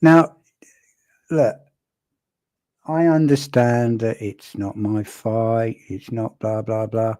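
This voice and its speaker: A man casually commenting on a video clip, talking in a wry, conversational way with pauses and restarts. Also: fairly low pitch, steady tone, dark tone, no room sound.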